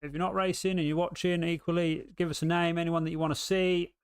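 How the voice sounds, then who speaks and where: A man's voice: a little high, flat delivery, quick pace, smooth, no room sound, clean studio sound. A British man giving casual live race commentary, rambling and full of ums and restarts.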